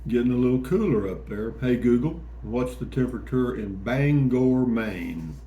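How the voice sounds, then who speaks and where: A man's voice: mid-range voice, lively intonation, normal speed, dark tone. A man hosting a casual morning vlog, talking in a folksy, rambling, jokey way. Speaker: vlog host. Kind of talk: casual morning chat to camera. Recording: echoey room with faint ambient noise.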